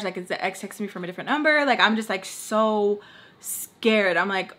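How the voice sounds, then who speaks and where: A woman's voice: mid-range voice, lively intonation, a little fast, sharp tone, slight background noise. A young woman telling a casual storytime while doing her makeup, chatty and full of "like", acting out what others said. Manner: chatty, acts out other people's lines; heavy use of "like".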